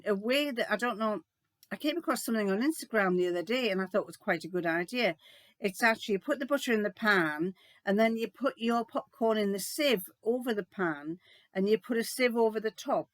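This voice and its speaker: A woman's voice: mid-range voice, a bit bright, no echo. Chatty older woman, dry sound. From United Kingdom. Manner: rambling, chatty, many fillers and restarts. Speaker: sewing vlogger. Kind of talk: casual chat answering viewer questions. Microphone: laptop mic.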